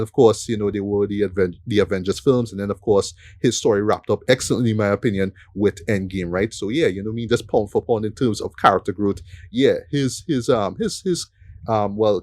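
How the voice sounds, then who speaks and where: A man's voice: lowish voice, brisk, a little mellow, dry recording. A man hosting a casual film review podcast, rambling with many fillers and "right?" tag questions. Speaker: podcast host.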